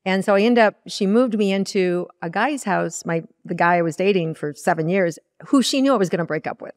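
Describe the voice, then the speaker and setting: This Iowa woman, a spiritual teacher, speaks in a mid-range voice at a slightly quick pace, and the studio recording is clean with no room sound. Appearing on a podcast, she shares a personal experience with real earnestness. She brings it to life by voicing the words she used to think.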